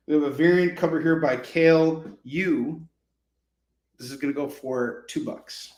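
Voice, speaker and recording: Slightly high, slightly slow, and a little mellow, a man banters with viewers during a live comic-book sale. The talk is laid-back selling chat full of jokes and sarcasm, recorded in a room that echoes.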